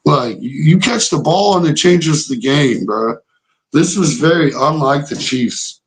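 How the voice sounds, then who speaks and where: A man's voice: a little high, lively intonation, slow, slightly rough. A young man hosting a live sports reaction stream, arguing heatedly and profanely with chat comments. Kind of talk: casual livestream reaction, reading chat.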